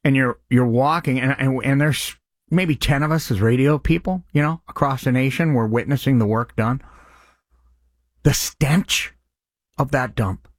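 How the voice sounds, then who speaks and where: Earnest male radio host, mid-pitched voice, pleading a charity appeal in a dry studio. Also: measured pace, no echo. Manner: impassioned, earnest.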